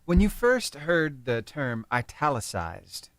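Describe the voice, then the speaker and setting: A man's voice: on the high side, very animated, slow, a bit bright, no room sound. A man, a show producer, chiming in during a casual chat.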